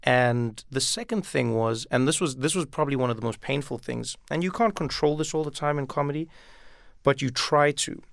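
A man gives a thoughtful interview answer, often doubling back on his words. His voice is gravelly at the bottom of its range. The sound is close and dry, with no room at all. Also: medium pitch, moderate pace, no room sound. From South Africa. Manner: thoughtful, repeats words as he thinks. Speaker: comedian guest. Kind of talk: reflective interview talk.

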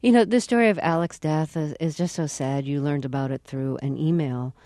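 Low-voiced woman interviewer. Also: a little fast, mellow, dry recording, studio quality. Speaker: interviewer, host. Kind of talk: interview questions.

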